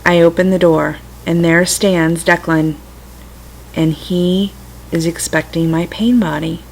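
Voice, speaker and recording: A middle-aged woman talking gently and reflectively to her computer's webcam at home, with self-amused asides. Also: on the low side, vocal fry, poor audio. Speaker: vlogger sharing personal stories. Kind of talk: casual spiritual talk to camera. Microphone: computer webcam mic.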